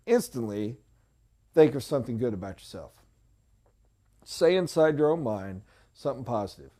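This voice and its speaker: A man giving a motivational sales training talk, emphatic, repeating short punchy phrases and swinging from quiet and low to loud and high. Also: animated, normal speed, long pauses.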